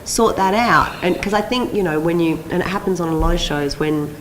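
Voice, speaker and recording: An Australian woman on a convention panel, telling animated stories and acting out the people she quotes. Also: fairly low pitch, quick pace, slight background noise, rough recording. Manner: animated, laughing storyteller who acts out quoted voices. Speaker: panel guest.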